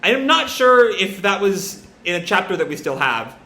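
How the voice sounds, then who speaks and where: A man's voice: high-pitched, very animated, moderate pace, pushed and bright, a little hiss or hum. A man giving casual, rambling commentary while reading a comic aloud live. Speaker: manga reaction host. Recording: roomy echo.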